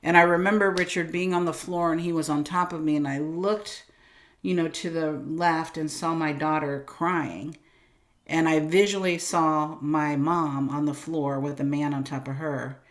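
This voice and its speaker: A woman guest on a podcast interview, telling her story in an animated way, acting out her own thoughts and swinging between quiet and loud. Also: sits low. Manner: animated, acts out voices of herself and God, swings loud and soft. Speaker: guest, business coach.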